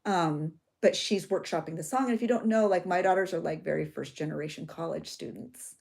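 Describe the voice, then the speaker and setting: A woman's voice: lowish voice, a little fast, creaky, a little mellow. A middle-aged woman, hosting a journaling vlog in a chatty, emotional way. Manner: chatty, emotional, tearful at times. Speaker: journaling channel host. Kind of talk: chatty crafting vlog talk.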